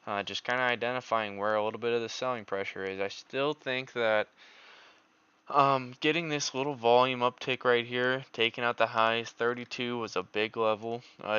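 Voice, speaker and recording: A man's voice: mid-range voice, pushed and bright, clean tone, dull audio. A man streaming live market commentary, thinking aloud with frequent fillers. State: out of breath. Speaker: stock trading streamer.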